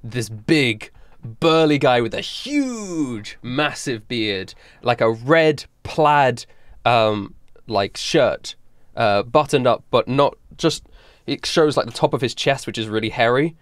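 A man's voice: mid-range voice, animated, slow, dry recording. A man running a tabletop game as game master, describing scenes with lots of fillers and restarts. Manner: rambling, hesitant description with many fillers.

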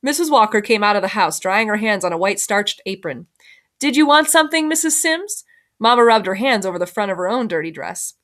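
A woman's voice: mid-range voice, expressive, fast, few pauses, a bit bright. A woman teacher reading a first-person novel aloud in plain storytelling, sometimes correcting herself.

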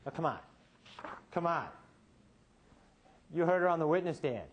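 A defense attorney making a closing argument to a jury, pressing rhetorical questions with dramatic pauses and sudden shifts between quiet and emphatic. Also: male voice, a little high, very animated. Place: courtroom.

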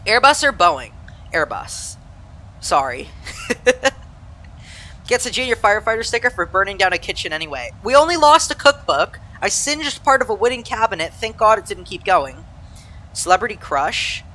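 Young SoCal streamer, bright, bouncy delivery, chatty and self-deprecating. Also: mid-range voice. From Southern California. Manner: chatty, reads and answers live chat while flying; laughs easily, self-deprecating. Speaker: flight sim streamer. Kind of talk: casual live-stream chat.

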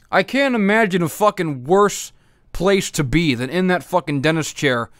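A high-voiced man rants in a stream of exasperated profanity. His face is numb from the dentist, yet he keeps hammering on his complaints. The sound is dry and close. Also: fairly bright tone, dry recording. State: half his face numb from dental work. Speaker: podcast host. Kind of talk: angry comedic rant.

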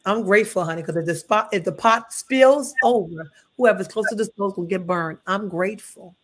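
A woman's voice: medium pitch, normal speed, a little hiss or hum. A middle-aged woman pastor preaching at a Bible study in a folksy, emphatic way, often calling listeners honey.

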